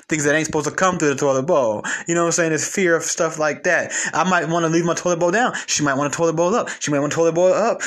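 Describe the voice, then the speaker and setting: A young man giving a blunt, animated casual monologue on relationships, full of slang and repeated phrases. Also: a little high. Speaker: commentator.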